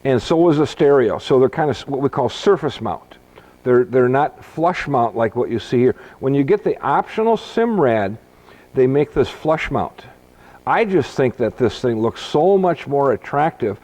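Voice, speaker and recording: A man's voice: medium pitch, lively intonation, moderate pace, darkish tone, rough recording. A man, a boat salesman, walking through a boat's features in a chatty, folksy way, joking as he goes. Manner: chatty, folksy, jokes and laughs easily. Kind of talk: product walkthrough. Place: boat dealership.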